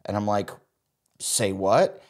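A man's voice: fairly low pitch, takes it slowly. A man in his thirties, a podcast co-host telling a comic story in casual chat and acting out the voices of the people in it. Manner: animated, acts out quoted voices.

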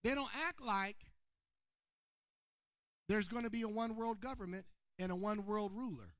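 A preacher man delivers a sermon to a live congregation, his voice bright and cutting. He calls out to the room and trades loud shouted points for low, quiet asides. The sound is close and dry. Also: normal speed, no room sound. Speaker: pastor. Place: church sanctuary before a congregation.

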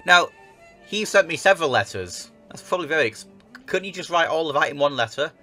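A man's voice: on the high side, animated, fairly quick, pushed and bright, faint music behind. A young man hosting a casual let's-play, chatting and joking about himself as he plays a game. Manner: chatty, self-mocking, reads on-screen game text aloud. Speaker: gaming video host.

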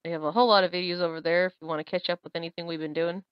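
A woman co-hosting a casual podcast, reading out social links in a brisk, matter-of-fact way. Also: on the low side, fairly even intonation, clear, resonant tone, dry recording, muffled recording. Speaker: podcast co-host.

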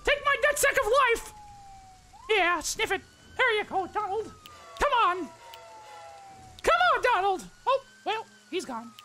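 A squeaky cartoon Mickey, brash and crude. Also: male voice, big pitch swings, measured pace, long pauses, pushed and bright, a little hiss or hum, full character voice. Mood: mock-grieving. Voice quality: squeaky falsetto. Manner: brash, trash-talking, mock-dramatic. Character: vulgar cocky male cartoon mouse. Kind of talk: comedic voice-chat role-play.

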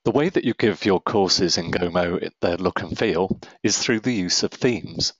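A man with a low, deep voice walks through a software demo in a calm, step-by-step way. The recording is dry and close, with a slightly dull, muffled sound. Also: unhurried, slightly rough, no echo. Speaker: software tutorial narrator. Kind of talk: screen-recorded software walkthrough.

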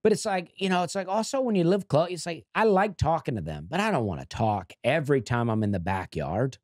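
A man's voice: fairly high pitch, expressive, fairly quick, a little mellow, no room sound, clean studio sound. A man, a comedian guest on a podcast, telling a story in a laid-back, casual chat.

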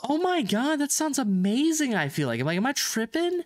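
A man's voice: extremely high pitch, huge pitch swings, fairly quick, soft background music. A man hosting a reaction video, talking casually, swearing often and laughing.

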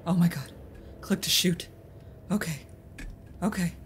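A young woman playing a horror game, talking to herself and shrieking when startled, then hushing to a mutter while hiding. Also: on the low side, a little slow, a little hiss or hum. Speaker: gaming streamer. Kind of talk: horror game playthrough commentary.

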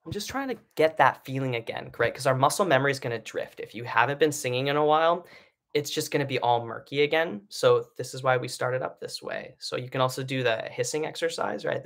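Bright-voiced male singing teacher. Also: mid-range voice, a little fast, creaky. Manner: casual explaining with many fillers and "right?" checks. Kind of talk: online vocal lesson. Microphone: live stream setup.

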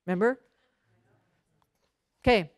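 A woman's voice: slow pace, no echo, clean studio sound. A woman pastor preaching a sermon in a conversational storytelling way, often checking in with the congregation and acting out bits of dialogue. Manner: acts out short bits of dialogue in a lowered voice.

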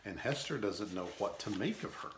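A man's voice: lowish voice, lively intonation, normal speed, noisy background. A man teaching a novel, reading passages aloud and adding casual asides with many fillers. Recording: roomy echo.

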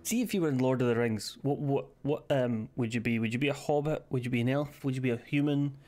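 A Scottish man streaming a game live, chatting casually, joking and swearing while thinking out loud. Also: medium pitch, fast. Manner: sweary, jokey, thinks aloud. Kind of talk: casual gaming stream chat.

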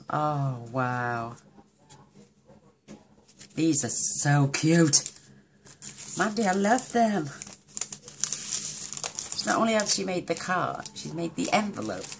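A woman hosting a crafting video, opening cards in a casual chat and gushing over them with warm affection. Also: low voice, gravelly, a little hiss or hum.

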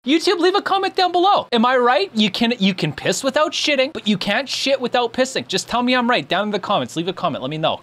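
Young dude streamer, swears a lot, rambly jokes, bouncy voice. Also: male voice, high-pitched, a bit bright. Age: young adult. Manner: crude, rambling, jokey. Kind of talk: casual chat reacting to videos.

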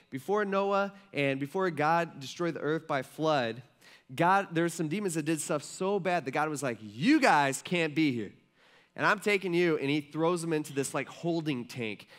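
Animated casual pastor preaching. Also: male voice, on the high side. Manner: casual, rambling preaching with many "like" and "um" fillers; animated, swings between loud emphasis and quiet asides. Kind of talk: sermon. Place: church sanctuary.

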